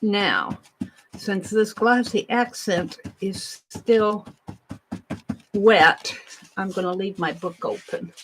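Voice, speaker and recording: Lady crafting at her desk, slow easy chatter, mumbles to herself while painting. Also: medium pitch, expressive, a little hiss or hum, low-quality recording. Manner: chatty, talks to herself while painting, soft murmured asides. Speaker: art journaling livestream host. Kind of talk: casual crafting narration.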